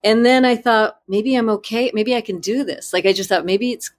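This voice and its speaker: A woman author in an interview, telling her story in a candid, self-deprecating way with halting restarts. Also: fairly high pitch.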